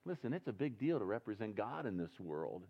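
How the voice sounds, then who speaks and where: A pastor preaching a sermon at a church service, talking earnestly and conversationally, then building to loud, passionate emphasis. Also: male voice, on the low side, big pitch swings, brisk, breathy edge. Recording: dull lo-fi recording.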